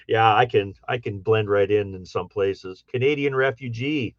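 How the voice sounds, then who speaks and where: Reading viewer chat on his livestream, a middle-aged Michigan man with an Upper Midwest accent rambles folksily, filling gaps with plenty of ums and uhs. He has a fairly low pitch and normal pace, recorded with no echo in a dull, dry, lo-fi sound.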